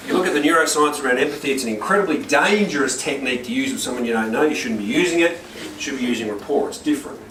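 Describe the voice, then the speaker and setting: A man's voice: mid-range voice, very fast. A man, a corporate trainer telling stories to a workshop audience and often checking for agreement. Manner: energetic storytelling, asks the room for agreement. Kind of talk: workshop talk to a live audience. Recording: roomy and distant, with noise.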